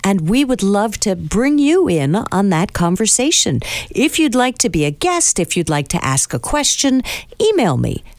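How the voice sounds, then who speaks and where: A woman co-hosting a radio travel show, reading listener and promo information in a brisk, upbeat way. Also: mid-range voice, sing-song, no echo. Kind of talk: radio talk show, promo reads and backchannel.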